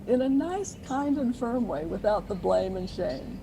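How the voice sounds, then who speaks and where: A woman's voice: medium pitch, expressive, normal speed, few pauses. A woman explaining parenting ideas as an interview guest, earnest and teacherly, with light laughs now and then. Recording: noisy interview recording.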